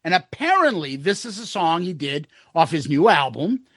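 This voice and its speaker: A man's voice: a little high, very animated, moderate pace, fairly bright tone, dry recording, clean studio sound. A man co-hosting a podcast, telling a long rambling concert story in casual chat, full of quoted asides and swearing. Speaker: podcast co-host.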